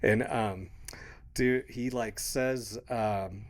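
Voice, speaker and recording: A man in his thirties with a fairly low voice spins a long, rambling tale for a podcast. He swears freely, quotes people as he goes and keeps breaking into laughter. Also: steady tone, extremely slow. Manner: rambling, swearing, laughing mid-story, quoting others. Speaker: podcast co-host. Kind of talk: casual storytelling chat.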